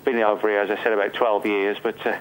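A man's voice: lowish voice, level tone, quick pace, a little hiss or hum, low-quality recording. A man with an English Midlands accent, from Staffordshire, speaking as a remote interview guest and rambling loosely. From Staffordshire, England. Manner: rambling, many fillers and restarts. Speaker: guest, author.

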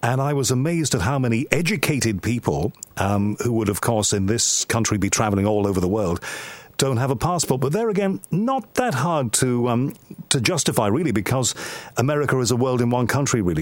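A man's voice: medium pitch, expressive, fairly quick, no echo. A British man hosting a radio interview show, introducing his guest and chatting conversationally. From United Kingdom.

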